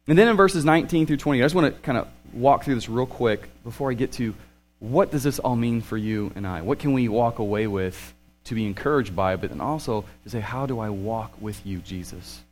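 A man in his thirties preaching a sermon, animated and swinging between excited and hushed. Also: medium pitch, fairly quick, slight background noise. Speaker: pastor.

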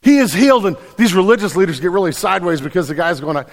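A man's voice: high-pitched, expressive, fast. A man preaching a sermon as pastor, conversational and emphatic, stumbling on repeated words. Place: church sanctuary. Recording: long reverb in a large hall.

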